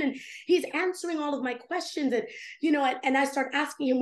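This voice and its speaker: A woman with a high, bright-pitched voice tells a personal story in a podcast interview. She is animated and expressive, leaping up in pitch when she acts out what she said. The sound carries a roomy echo. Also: fast. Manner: animated, acts out her own past dialogue with big pitch jumps. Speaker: guest, prophetic intercessor.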